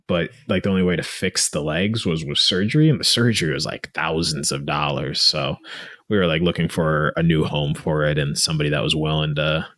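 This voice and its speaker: A man's voice: a bass voice, a bit bright, dry recording, clean studio sound. A man co-hosting a podcast, telling casual stories in a laid-back way, swearing and laughing often. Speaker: podcast co-host. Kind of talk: casual chat.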